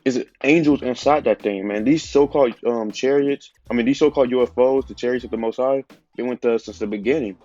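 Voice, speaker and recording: A man's voice: mid-range voice, fairly quick, a little mellow, highs cut off, soft background music. A man with a stuffy nose giving an informal religious teaching, talking casually with lots of fillers. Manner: casual, conversational preaching with many fillers. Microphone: phone.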